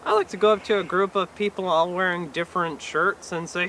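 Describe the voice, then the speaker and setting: A man performs stand-up at a live venue, his voice sitting a touch high. He delivers each line awkwardly and deadpan, hedging with fillers. The recording carries clear background noise. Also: a little fast, few pauses. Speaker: stand-up comedian. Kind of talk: stand-up comedy set.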